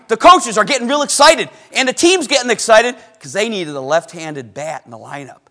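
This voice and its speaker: A middle-aged man with a notably high voice preaches to his congregation. He tells a story with animated swings between booming excitement and quiet, hushed passages, and stops to put questions to the listeners. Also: moderate pace. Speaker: pastor. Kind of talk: sermon with personal story.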